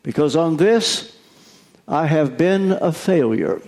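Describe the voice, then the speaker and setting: A man's voice: a little high, lively intonation, slow pace, darkish tone. An older American man, a pastor, giving an earnest, confessional sermon.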